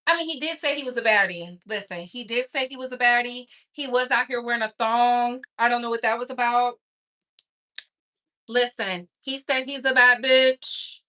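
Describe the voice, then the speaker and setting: Sassy, bright-voiced woman gossip host. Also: on the high side, normal speed. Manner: sassy, animated, talks straight to viewers. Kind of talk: casual gossip commentary to a live chat.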